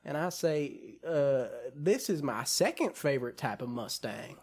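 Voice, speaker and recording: A man's voice: on the high side, lively intonation, a little slow, vocal fry, a little mellow, husky, full character voice. A man voicing a jolly male Southern cowboy with a put-on Southern US accent, drawling out corny folksy sayings. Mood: hammy folksy.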